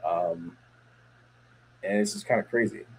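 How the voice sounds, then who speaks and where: A man's voice: sits low, measured pace, husky, rough recording. A man hosting a casual podcast chat, telling stories in a rambling way with many fillers and restarts. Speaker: podcast host.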